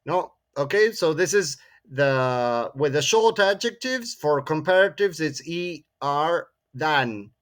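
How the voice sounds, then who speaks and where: Slow male English teacher. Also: fairly high pitch, expressive. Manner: frequent tag questions "no?" and "eh?", repeats words. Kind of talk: classroom grammar lesson.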